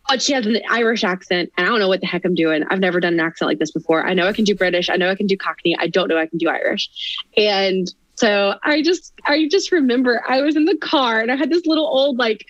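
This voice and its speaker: A woman's voice: medium pitch, fast, no echo. Woman chatty guest, dry muffled audio. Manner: animated, chatty, frequent laughter. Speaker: guest performer. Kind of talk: casual interview storytelling.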